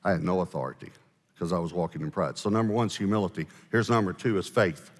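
Pastor guy, lowish voice, telling a story from the pulpit, echoey hall. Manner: animated storyteller, shifts between fast asides and slow dramatic pauses. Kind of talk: storytelling sermon. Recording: echoey hall, live sermon.

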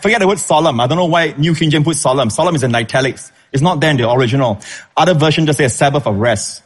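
A man preaching a sermon as pastor, emphatic, with sudden leaps in pitch when stressing a point. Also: fast, slightly rough.

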